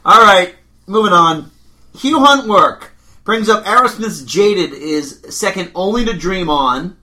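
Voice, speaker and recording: A man with a high, very animated voice hosting a podcast. He sounds sardonic and opinionated, with a bright, forceful tone. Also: a little slow. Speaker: podcast host. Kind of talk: casual chat, reading listener opinions.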